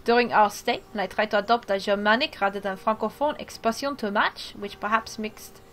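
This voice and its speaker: Speaking a little fast at medium pitch, a woman streaming a let's play narrates the game's story out loud. Between passages she interrupts herself with excited, chatty remarks.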